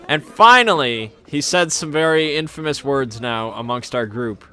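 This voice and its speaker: A man's voice: medium pitch, animated, a little slow, bright, forceful tone, clear, resonant tone. A man hosting his channel, telling a rambling, amused anecdote in a casual way. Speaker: channel host. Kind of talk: casual storytelling.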